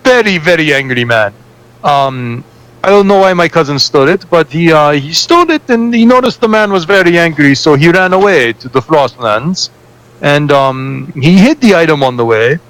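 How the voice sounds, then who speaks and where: A game master puts on a cowardly, shady fixer who rambles in a fake foreign accent and keeps pausing to hunt for the right words. The voice sits high and swoops widely, rising well above a plain speaking pitch. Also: male voice, animated, fairly bright tone, poor audio. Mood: rambling, evasive. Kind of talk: tabletop role-play character voice.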